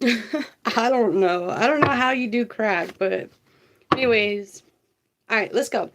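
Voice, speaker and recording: A woman's voice: on the high side, slow, fairly bright tone. A woman, doing a casual tarot livestream, chatty and laughing as she reads viewer comments aloud.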